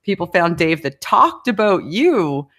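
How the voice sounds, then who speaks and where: A woman's voice: lowish voice, sing-song, a little slow, a bit bright. A woman as an interview guest, talking casually in a rambling way with fillers, restarts and frequent laughs. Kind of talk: casual conversation.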